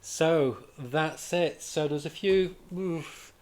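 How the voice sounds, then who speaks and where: A man's voice: on the high side, takes it slowly, darkish tone. A man reviewing comics in casual chat, talking in an enthusiastic, rambling way and often restarting his sentences.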